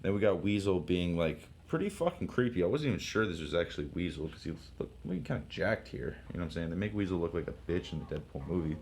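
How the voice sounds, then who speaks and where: A young man casually paging through a comic, talking in an excitable, profane, rambling way with shouted sound effects. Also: low voice, fast, few pauses, a little hiss or hum. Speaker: comic book reviewer.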